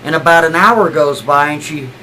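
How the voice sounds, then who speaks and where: A man's voice: a little high, moderate pace, bright, forceful tone, slight background noise, low-quality recording. A man telling a story in a casual, rambling way, often repeating himself and checking in with the listener. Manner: rambling, repeats "I mean" and "right?", stumbles over words.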